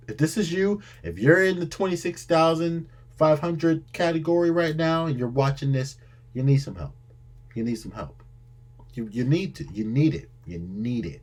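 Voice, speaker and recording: A husky man hosts a reaction video in an exasperated, scolding tone. His pitch leaps around with lively swings. He repeats lines and trips over his own words as he lectures. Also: normal speed. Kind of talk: animated reaction commentary.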